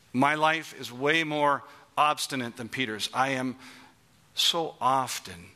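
A man's voice: medium pitch, bright, forceful tone. A middle-aged man preaching a sermon, emphatic and asking the congregation questions.

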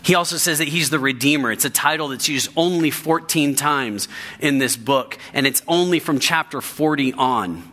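A man's voice: a little high, moderate pace, sharp tone. A man, a pastor, preaching a sermon with emphasis and often repeating key phrases for weight.

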